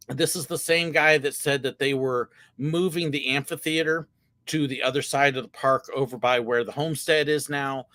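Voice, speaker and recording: A man's voice: medium pitch, fairly bright tone, no room sound. A middle-aged man hosting a casual livestream, answering viewer questions in a candid, chatty way with plenty of filler words. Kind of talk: casual live Q&A chat.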